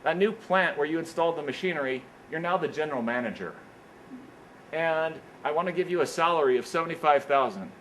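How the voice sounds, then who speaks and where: A man playing a stern, decisive older company head in a story he tells, speaking in a brisk, commanding way. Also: fairly high pitch, lively intonation, a bit bright, slight background noise, low-quality recording.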